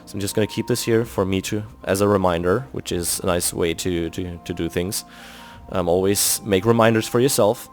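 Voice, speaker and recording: German-accented man thinking aloud, lower voice. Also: moderate pace. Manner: thinking aloud, explaining step by step. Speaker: video game builder host. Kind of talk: casual commentary while building in a game. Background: faint background music.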